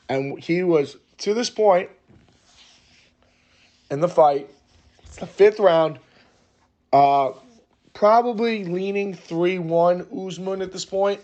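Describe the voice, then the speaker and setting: A man hosting a sports podcast, telling a story in a heated, excitable way and swearing constantly. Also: on the high side, highs cut off.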